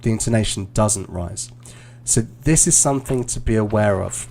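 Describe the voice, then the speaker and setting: A male English teacher giving relaxed, encouraging feedback on a mock speaking test over a live stream, with frequent fillers and restarts. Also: fairly low pitch, moderate pace, gravelly, slight background noise. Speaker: IELTS teacher and examiner.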